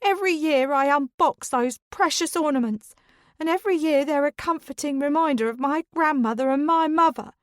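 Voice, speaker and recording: A woman voicing a theatrical, tearful middle-aged woman in an audiobook, with high, wailing, sobbing outbursts. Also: normal speed, no echo, clean studio sound, close to an everyday voice. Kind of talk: audiobook character voice.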